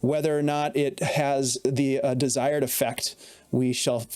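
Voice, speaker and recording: Man, dungeon master, chatty, relaxed, mid pitch. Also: measured pace, clean tone. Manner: relaxed, chatty, many fillers and "kind of, like". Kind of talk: narrating a tabletop game.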